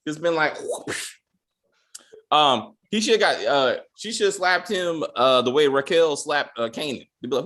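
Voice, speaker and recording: A man's voice: fairly high pitch, animated, moderate pace, fairly bright tone. A young man co-hosting a casual recap chat, ranting with profanity and acting out mock quotes. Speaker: podcast co-host.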